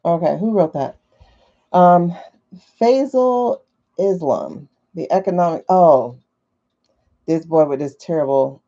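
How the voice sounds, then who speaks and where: A woman's voice: fairly low pitch, slow, long pauses, mellow. A woman hosting a casual livestream from her phone, chatty and skeptical, thinking aloud with many fillers. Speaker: livestream host. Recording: dull lo-fi livestream audio.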